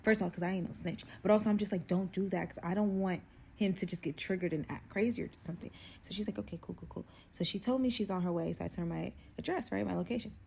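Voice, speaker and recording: Young woman storyteller, lively delivery with whispered asides, faint background hiss. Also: mid-range voice, fast, gravelly. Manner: animated, acts out dialogue, swings to whispers. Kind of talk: casual storytime.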